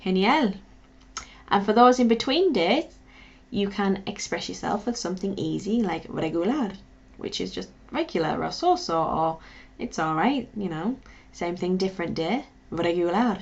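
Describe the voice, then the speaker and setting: A woman teacher leads a beginner lesson in an encouraging way, spelling words letter by letter and pausing for drills. Her voice has a gravelly edge. The recording is dull and lo-fi. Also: mid-range voice, expressive. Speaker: language teacher. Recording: dull lo-fi sound.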